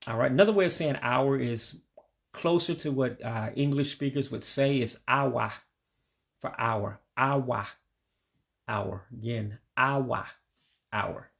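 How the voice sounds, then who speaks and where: A man with a gravelly, creaky voice walks through a casual vocabulary lesson. He says each word slowly and patiently, then lets his voice sink as he gives the English meaning. His pitch sits right in the ordinary middle for a man. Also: fairly bright tone. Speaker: language learner teaching vocabulary. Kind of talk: casual spoken language lesson.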